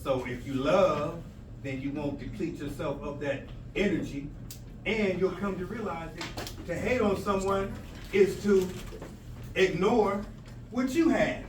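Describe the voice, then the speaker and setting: Speaking to students in a school presentation room, this male language arts teacher delivers an emphatic motivational talk, playing out quoted exchanges and toying with rhymes. His voice is high-pitched and unhurried, captured from a distance in an echoey, noisy room.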